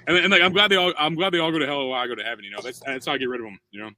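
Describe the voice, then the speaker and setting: A man in his thirties, a comedian co-hosting a podcast, bantering quickly with lots of profanity and restarts. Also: medium pitch, steady tone, sharp tone. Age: 30s. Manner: rapid, profane, joking banter with many restarts. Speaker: comedian co-host. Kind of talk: casual podcast chat.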